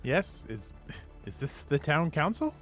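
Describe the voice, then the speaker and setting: A man's voice: fairly high pitch, sing-song, measured pace, fairly bright tone, faint music behind. A man voicing a prim, genteel middle-aged woman with a mannered, polite way of speaking.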